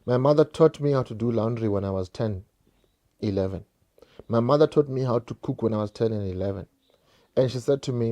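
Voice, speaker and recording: A man's voice: mid-range voice, fairly quick, dark tone, lo-fi sound. A South African man telling a painful personal story straight to his viewers, repeating phrases and calling them guys. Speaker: vlogger.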